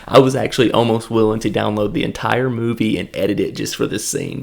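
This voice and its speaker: A man's voice: fairly low pitch, flat delivery, fairly quick, gravelly, few pauses. A man giving a casual, rambling film review who laughs often and acts out scenes. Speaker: movie reviewer.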